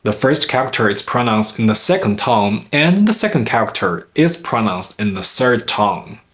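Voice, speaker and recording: A man teaching a scripted language lesson, explaining carefully and in a measured way, pausing to demonstrate example sounds. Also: lowish voice, very animated, fairly bright tone.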